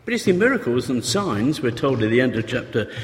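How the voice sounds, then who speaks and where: A man's voice: medium pitch, big pitch swings, brisk. A man preaching a sermon, conversational and full of rhetorical questions, sometimes acting out desperate pleas. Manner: conversational, rhetorical questions, acts out pleading voices. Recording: reverberant hall, faint noise.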